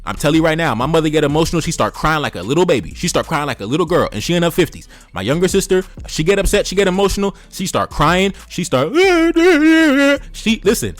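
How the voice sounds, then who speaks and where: A man's voice: fairly high pitch, animated, fast talker, few pauses, faint music behind. A man hosting a commentary channel, lecturing his audience in an emphatic, repetitive, preachy way. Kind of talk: preachy direct-to-camera commentary.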